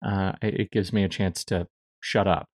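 A man co-hosting a podcast in casual chat. He sounds enthusiastic and talks in halting stretches with restarts. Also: deep voice, steady tone. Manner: enthusiastic, hesitant with fillers and restarts. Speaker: podcast co-host.

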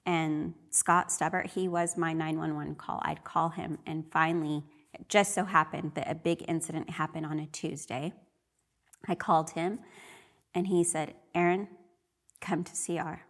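A woman's voice: low voice, fairly even intonation, normal speed. A middle-aged woman sharing her personal faith testimony in an earnest, emotional way. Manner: earnest and emotional, often re-voicing her own prayers.

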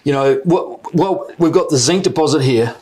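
A man's voice: a little high, normal speed, a little mellow, slightly rough. A man from New Zealand with a New Zealand accent, a mining company executive answering questions in a conversational interview, often repeating words as he explains.

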